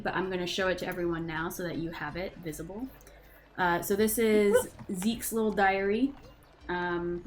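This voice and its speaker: A woman's voice: lowish voice, poor audio. Woman narrating as game master. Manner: relaxed, hesitant with many fillers.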